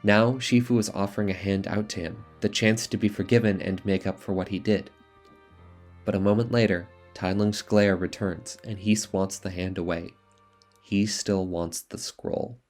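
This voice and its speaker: A man's voice: lowish voice, steady tone, moderate pace, darkish tone, soft background music. A man delivering a scripted video essay, retelling and judging film scenes with earnest enthusiasm. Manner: earnest, enthusiastic storytelling about films.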